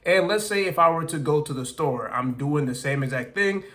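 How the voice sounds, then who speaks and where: Young adult man, slightly high voice, casual to-camera vlog, reflective and searching for words. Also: moderate pace, fairly bright tone. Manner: thinking aloud, fumbling for words. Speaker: language-learning YouTuber. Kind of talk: casual talking-to-camera monologue.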